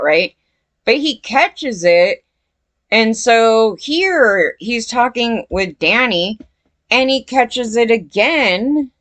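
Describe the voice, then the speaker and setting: A woman's voice: medium pitch, a bit bright, dry recording. A woman talking casually to her viewers in a rambling way, full of fillers and restarts, often unsure of herself. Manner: questioning, unsure, often says she doesn't know. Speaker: commentary vlogger. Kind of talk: casual commentary to camera.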